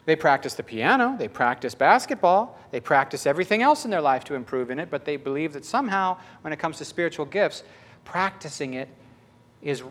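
Male pastor, sermon delivery, storytelling, playful quoted voices, a little high-pitched. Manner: storytelling, acts out quoted voices, shifts from loud to hushed.

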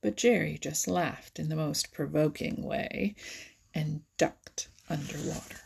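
A woman reading a children's animal story aloud, lively and expressive, sometimes dropping to a whisper. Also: low-pitched, unhurried, vocal fry, a little hiss or hum. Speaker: narrator.

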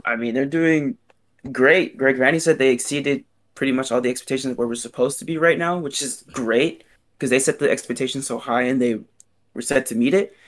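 A young man with a mid-pitched voice co-hosts a casual soccer fan podcast. He talks in an easygoing, upbeat way, full of "like" and "you know.". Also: fairly quick. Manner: easygoing, upbeat, lots of "like" fillers. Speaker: podcast co-host.

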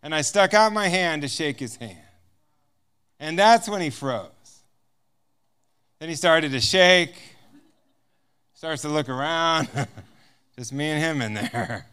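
An American man, appearing as a guest speaker, shares a personal testimony, acting out the dialogue and chuckling often. His voice sits a little high, with a sharp, clean tone.

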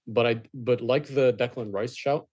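A man co-hosting a casual football podcast, talking things through in a measured way with frequent restarts. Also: medium pitch, fairly even intonation, a little mellow, breathy edge. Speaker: podcast co-host.

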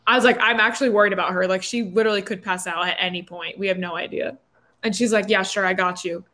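A young woman in her twenties, telling a story in a casual chat with lots of fillers. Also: mid-range voice. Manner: animated, quick storytelling with many fillers.

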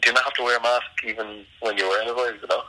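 A young man in casual chat, giving short, hesitant replies with many pauses. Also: medium pitch, fairly even intonation, pushed and bright, a little hiss or hum, low-quality recording.

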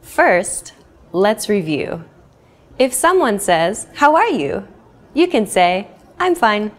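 A young woman hosts a scripted English lesson. Her pitch moves up and down a lot, and she talks at an unhurried pace. She says each example phrase clearly and often repeats it for learners. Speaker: English teacher.

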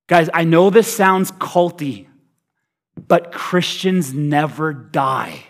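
A man preaching a sermon as pastor, energetic and humorous, swinging between loud hype and quiet, hushed delivery. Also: a little high, slow. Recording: reverberant hall.

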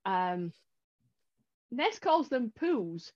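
A woman's voice: fairly high pitch, sing-song, extremely slow, darkish tone, dull audio. British woman, playful podcast chat. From United Kingdom. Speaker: podcast co-host. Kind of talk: casual chat.

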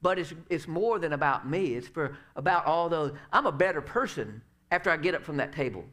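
Middle-aged guy preaching, chatty and loose, lots of "you know"s and "uh"s, voice sits a bit high. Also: lively intonation, brisk, fairly bright tone. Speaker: pastor. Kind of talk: sermon.

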